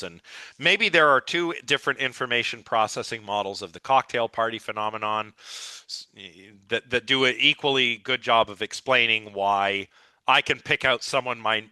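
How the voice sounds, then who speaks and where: A man's voice: fairly low pitch, pushed and bright, no room sound. A man lecturing a live philosophy class with eager, rambling enthusiasm, his voice a little scratchy. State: slightly scratchy voice.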